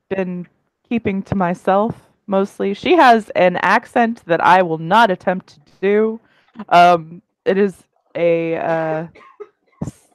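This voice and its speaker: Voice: medium pitch, no echo, low-quality recording. A player in a tabletop game who laughs often and swears casually, describing a character. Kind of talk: tabletop role-play chat.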